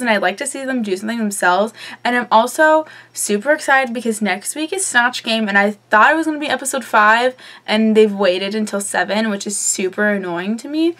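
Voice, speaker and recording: A woman's voice: a little high, a bit bright. A young woman vlogger chatting casually through a recap, with lots of ums and offhand swearing.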